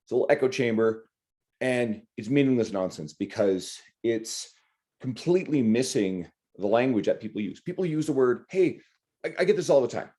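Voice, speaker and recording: A medium-pitched male podcast host with a dark, expressive voice talks at a normal speed. In casual podcast chat, he makes his point bluntly and animatedly, swearing freely.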